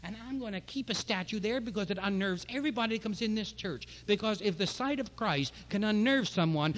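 A man's voice: high voice, lively intonation, brisk, few pauses. A man preaching a sermon from the pulpit, impassioned, with repeated phrases and rising emphasis. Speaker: pastor.

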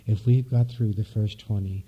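A man, the minister of a church, preaching a reflective, unhurried sermon in a soft-spoken way. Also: on the low side, fairly even intonation, husky. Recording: dull lo-fi recording.

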